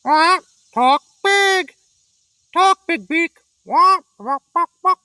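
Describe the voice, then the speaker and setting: A man voicing a rude, bossy male parrot with a shrill squawk in a read-aloud picture book. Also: lively intonation, slow, sharp tone, no echo, studio quality, exaggerated voice.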